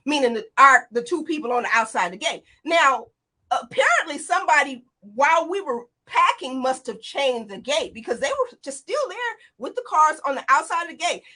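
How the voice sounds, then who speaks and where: A woman in her forties, a guest in an interview, retelling a frightening escape in an animated, tumbling way, full of quoted dialogue. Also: high-pitched, moderate pace. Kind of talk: emotional personal account.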